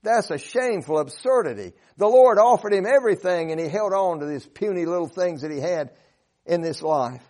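A man's voice: sits high, animated, a little fast, dark tone. A man preaching a sermon, earnest and emphatic, reciting scripture in old-fashioned wording.

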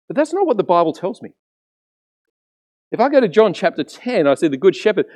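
A pastor delivering a sermon in a lively, wide-ranging voice that rises and falls sharply. He tells stories with many restarts, acts out little voices, and talks straight to his listeners with questions. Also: sits high, brisk, long pauses. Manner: animated storytelling with frequent restarts, acting out voices; addresses the congregation directly with questions.

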